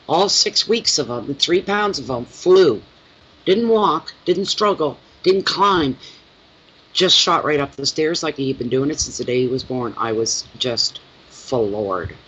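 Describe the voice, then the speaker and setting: A middle-aged man, a tarot reader and channel host, chatting casually with his viewers at home and telling animated stories. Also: on the high side, highs cut off, a little hiss or hum.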